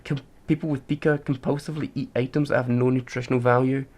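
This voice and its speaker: A man's voice: mid-range voice, level tone, fast talker, darkish tone. A man co-hosting a casual podcast, arguing his point and reading out facts. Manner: argumentative, reads out facts. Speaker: podcast co-host. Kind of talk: casual chat.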